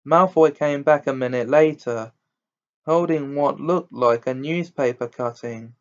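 A man's voice: medium pitch, measured pace, lo-fi sound. A man reading a novel aloud carefully, sometimes stopping to correct his own words. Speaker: reader.

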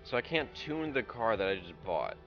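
A man's voice: fairly low pitch, very animated, normal speed, lo-fi sound, soft background music. A young man streaming a game, ranting in a profane, casual way as he plays. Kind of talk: casual gameplay commentary.

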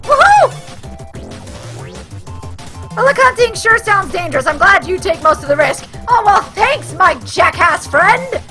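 Young woman gamer host: very high, bright voice, excitable, cursing, prone to shrieks. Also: measured pace, long pauses, soft background music. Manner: excitable, swearing, frequent shrieks and yelps. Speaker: gaming channel host. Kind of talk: let's play commentary.

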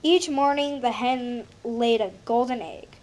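A woman reads a children's picture book aloud. She takes it slowly and reads with expression. Her voice sits fairly high. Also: darkish tone. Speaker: story reader.

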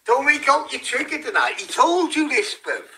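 A man's voice: very high voice, big pitch swings, moderate pace, background noise. A British man hosting a livestream, delivering an aggressive, sneering rant full of swearing. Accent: British English. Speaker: livestream host. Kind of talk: ranting livestream callout.

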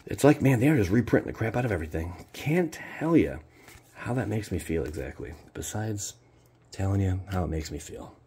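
A man hosting a card-opening video in casual commentary, swinging between loud exclamations and low muttered asides. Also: husky. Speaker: card-opening channel host.

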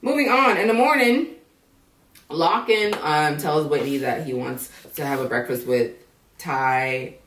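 A woman tears into a reality show in a blunt, profane, animated rant, swearing freely. She sits back from the mic, and the room echoes around her. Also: low-pitched, a little slow, recorded from a distance, a little hiss or hum. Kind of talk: casual rant.

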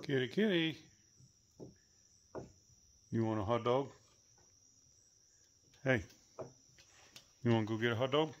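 A man talking to his pets outdoors in a coaxing, playful way, calling them in high sing-song baby talk and teasing them with mild swearing. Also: slow, pauses often, lo-fi sound, slight background noise. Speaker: pet owner filming animals. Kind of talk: casual talk to animals.

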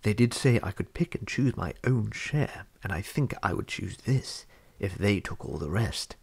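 A man's voice: fairly low pitch, animated, moderate pace, vocal fry, breathy edge, full character voice. A man voicing a small, anxious male hobbit burglar in a storybook reading, fretting and calling out for help. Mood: uneasy. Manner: fretful, crying out for help.

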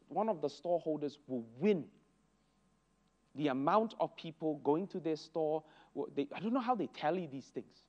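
Animated, high-pitched male Bible teacher. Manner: animated storytelling with exclamations. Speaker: Sunday school teacher. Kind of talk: church Bible lesson. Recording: dull lo-fi recording.

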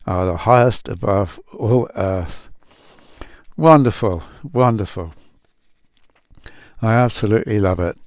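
Slow, low-voiced man reflecting on scripture. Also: smooth, dry recording, clean studio sound. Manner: slow, thoughtful, many fillers, reads verses aloud. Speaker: Bible translator and podcaster. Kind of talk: reflective Bible talk.

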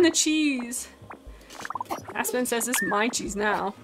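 Chatty woman streamer, soft slow voice. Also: on the high side, a little hiss or hum. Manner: chatty, excitable, talks to the pets on screen. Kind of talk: casual gameplay commentary. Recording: music playing behind the voice.

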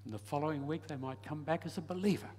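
A man preaching a sermon and telling a story, swinging from loud emphasis to soft, hushed lines. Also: a little high, fast talker, breathy edge. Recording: long hall reverb.

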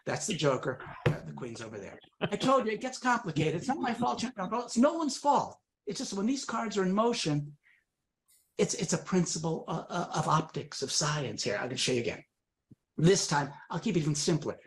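A man's voice: on the high side, animated, fairly quick. A man performing comic magic patter for a live audience, swinging from very serious to absurd, with teasing asides.

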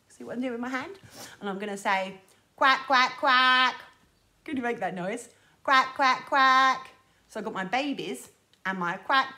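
A woman runs a music class for toddlers in a sing-song, coaxing voice. Her high voice swoops up and down as she talks slowly and clearly to the little ones. Faint music plays in the background. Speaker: children's music class leader. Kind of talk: sing-along lesson for toddlers.

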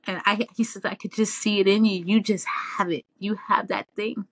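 A woman guest in a casual interview, telling her story in an animated way with lots of laughs and fillers. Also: medium pitch, moderate pace, dry recording. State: tearful, near crying.

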